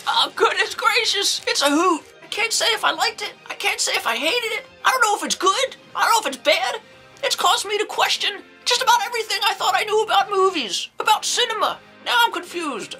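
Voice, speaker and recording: An eccentric, creepy old nun who talks in a very high, piercing voice, put on by a woman. She rambles in a folksy way and keeps breaking into exclamations as she reviews a horror movie in a comedy sketch. Her tone is bright and sharp. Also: exaggerated voice, poor audio. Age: older. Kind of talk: comedic character monologue.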